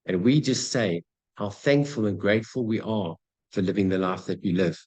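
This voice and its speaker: Energetic male motivational speaker, lowish voice. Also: normal speed, husky, low-quality recording. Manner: energetic, acts out dialogue, addresses audience as guys. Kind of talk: motivational talk.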